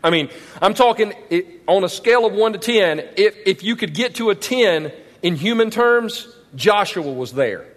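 A male pastor preaches with emphatic energy and keeps asking his audience questions. His voice is high and swings widely in pitch. A long reverb trails after him in a big auditorium. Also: normal speed. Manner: animated, emphatic, asks the crowd questions. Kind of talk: sermon. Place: large church auditorium.

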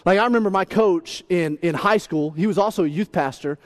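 A male pastor in his thirties, preaching with a playful, animated delivery. His voice sits high for a man, and he jumps into little acted-out voices as he goes. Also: brisk. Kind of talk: humorous sermon.

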